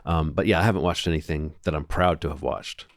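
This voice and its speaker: A man's voice: very deep voice, fast talker, vocal fry, dry recording, studio quality. Chatty rambling man on a podcast. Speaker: podcast co-host. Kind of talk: casual chat.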